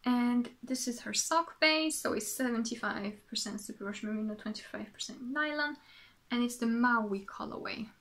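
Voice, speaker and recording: A woman's voice: fairly high pitch, normal speed, fairly bright tone. A woman from France with a French accent, chatting casually as a podcast host, rambling and correcting herself as she goes. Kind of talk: casual show-and-tell chat.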